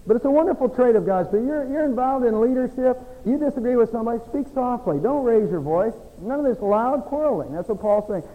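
A middle-aged male pastor preaching a sermon, folksy, swinging between soft, confiding passages and emphatic exhortation. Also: extremely high pitch, animated, a little fast, hardly any pauses, phone-quality sound. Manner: folksy, self-deprecating asides. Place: church sanctuary. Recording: long church reverb.

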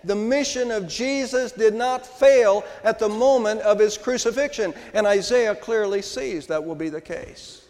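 Older guy pastor preaching, kinda high voice, big echoey church. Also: a little mellow. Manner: preaching with emphatic rises and slow stressed words. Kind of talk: Easter sermon. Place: church sanctuary. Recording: long hall reverb.

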